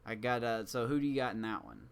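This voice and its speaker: A man's voice: mid-range voice, quick pace, crowd noise. A man co-hosting a sports podcast in loose, rambling, jokey casual chat. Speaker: podcast co-host.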